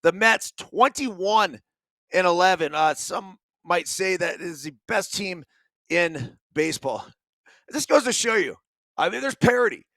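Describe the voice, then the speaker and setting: Middle-aged male sports show host, high voice, blunt and energetic, curses freely, dry close sound. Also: unhurried, no room sound. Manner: energetic, blunt, swears casually, emphatic bursts. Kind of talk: solo sports talk show monologue.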